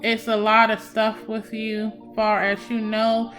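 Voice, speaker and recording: Woman, young, bright tone, chatty tarot reader, emphatic, soft music behind. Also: fairly high pitch, monotone, slow pace, few pauses. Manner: warm, emphatic, addresses viewers as y'all. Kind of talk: casual psychic love reading. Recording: faint background music.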